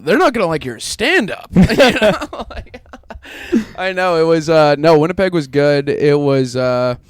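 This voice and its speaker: A man's voice: on the high side, expressive, measured pace, smooth, no echo, studio quality. A man, a stand-up comedian co-hosting a podcast, joking in casual banter and often laughing through his words.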